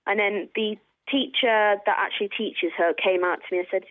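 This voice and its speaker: A woman's voice: medium pitch, steady tone, fairly quick, no echo. Woman, caller, upset, hesitant, repeats words, tinny phone line. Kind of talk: phone-in call.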